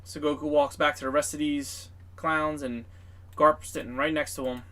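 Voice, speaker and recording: Brief: man, game master, casual profane narration of a tabletop game, slightly high voice. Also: little pitch movement, moderate pace, fairly bright tone. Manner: casual, filler-heavy, profane.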